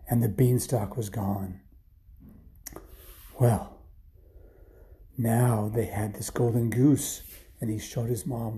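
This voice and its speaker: A man reading a bedtime story aloud, animated and dropping to whispers for suspense. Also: medium pitch, unhurried, pauses often.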